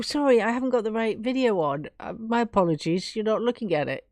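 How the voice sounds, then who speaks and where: A woman's voice: a little high, animated, brisk, few pauses, darkish tone, dry recording, studio quality. A woman from England hosting her own live stream, chatting casually and gushing her thanks to viewers.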